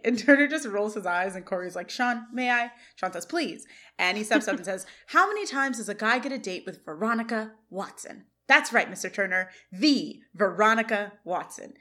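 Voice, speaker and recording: A woman's voice: fairly high pitch, a bit bright. A woman co-hosting a podcast, retelling a sitcom episode scene by scene and quoting lines between laughs. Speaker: podcast co-host. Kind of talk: casual recap chat.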